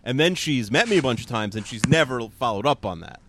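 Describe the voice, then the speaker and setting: A man co-hosting a podcast in casual chat, dry and teasing, trailing off low. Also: lively intonation, brisk, a bit bright, soft background music. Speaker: podcast co-host.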